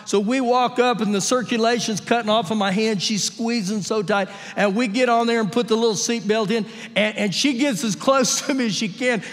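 High-voiced man preaching in a reverberant hall. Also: moderate pace, hardly any pauses. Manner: animated storytelling, acts out quotes with humor. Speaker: pastor. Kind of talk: sermon with personal stories. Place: church sanctuary during a live service. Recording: live church audio with long hall reverb.

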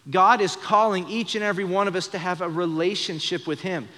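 A young man with a slightly high voice preaches in earnest, playing out quoted lines with shifting voices. The long reverb of a church hall trails behind every phrase, as at a live evening service. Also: fairly even intonation, fairly quick, bright, forceful tone. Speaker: pastor. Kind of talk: sermon.

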